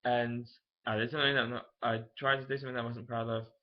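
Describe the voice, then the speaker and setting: A man's voice: mid-range voice, little pitch movement, quick pace. A young man, telling a personal story to camera in a frank, emotional, rambling way. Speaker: vlogger. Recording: dull lo-fi camera audio.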